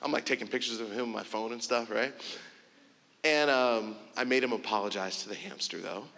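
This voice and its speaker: Bright-voiced man telling a keynote story. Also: mid-range voice, fairly quick, gravelly. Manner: animated storytelling, acts out dialogue. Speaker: keynote speaker. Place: conference stage in a large hall. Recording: long hall reverb.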